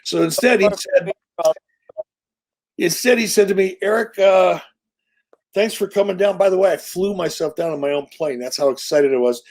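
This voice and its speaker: A man in his sixties speaks at a moderate pace in a fairly high voice. He's an interview guest spinning casual stories, animated, punchy and profane.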